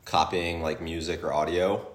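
A man co-hosting a podcast, chatting casually and telling wry stories with quick asides. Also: deep voice, little pitch movement. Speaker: podcast co-host, social media manager. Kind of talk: casual chat. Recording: roomy.

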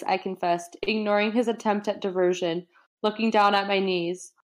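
A woman reading a novel aloud in a relaxed, chatty way, breaking off for casual asides and occasional stumbles. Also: medium pitch, moderate pace. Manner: reads with light voicing, chatty asides, stumbles and laughs. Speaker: reader.

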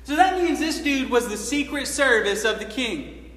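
A man with a very high, bright voice preaches in a relaxed, slangy style. He acts out quoted lines as he tells the story. The sound is roomy, with a long echo from a large church hall. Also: normal speed, soft background music. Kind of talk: sermon. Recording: echoey hall with long reverb.

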